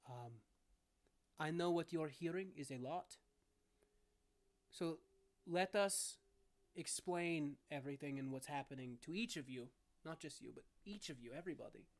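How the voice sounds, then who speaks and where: A woman voicing a kindly old grandfatherly man with a cane, soft-spoken and gentle in a tabletop game. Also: sits low, fast talker, few pauses.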